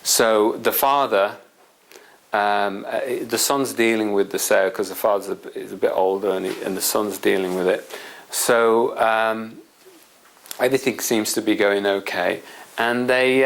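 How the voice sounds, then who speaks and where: Gravelly-voiced man telling a story. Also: lowish voice, fairly bright tone, rough recording. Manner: rambling, anecdotal, many asides to the listener. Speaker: presenter. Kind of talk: explanatory storytelling talk.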